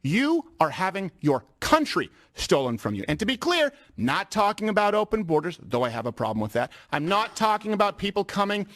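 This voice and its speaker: An insistent man who speaks in quick rhetorical bursts. His pitch is fairly high for a man and swings widely. The recording is dry. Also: big pitch swings, a bit bright, no room sound. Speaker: commentator in a played clip. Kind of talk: emphatic political commentary.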